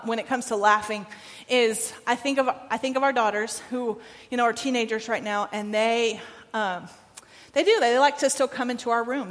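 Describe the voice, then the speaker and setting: A woman's voice: medium pitch, fairly bright tone, in a large hall. A woman preaching a sermon in a church, conversational and emphatic, repeating her phrases and checking in with the room. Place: church sanctuary.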